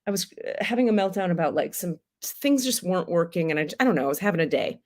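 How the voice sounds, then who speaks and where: A woman's voice: lowish voice, animated, quick pace, darkish tone. A woman hosting a spiritual livestream, talking candidly and casually, swearing freely and laughing often.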